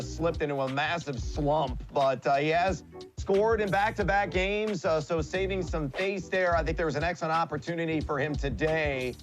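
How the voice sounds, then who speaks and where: A man giving fantasy football picks in an energetic, emphatic way on a studio sports show. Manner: hyped, emphatic pitch.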